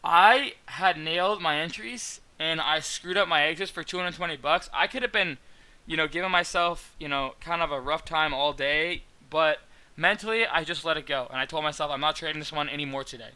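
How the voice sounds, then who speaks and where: Bright-voiced young man recapping trades. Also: a little high, moderate pace, clean tone. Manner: rambling, many fillers and restarts. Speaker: stock trading mentor. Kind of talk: casual trade recap to viewers.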